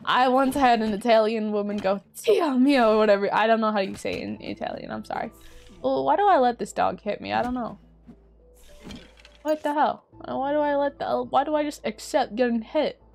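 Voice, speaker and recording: Female streamer, higher-pitched, casual gameplay chatter with cursing outbursts. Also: quick pace, vocal fry, faint music behind. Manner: chatty, swears at the game, bursts of exclamation. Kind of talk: casual gaming commentary.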